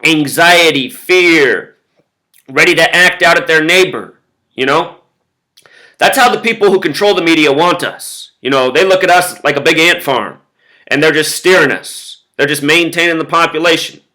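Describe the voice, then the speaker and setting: A man's voice: a little high, moderate pace, pushed and bright, poor audio. A man talking straight to his viewers in a casual monologue, emphatic, with lists of repeated words and frequent "you know". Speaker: video blogger.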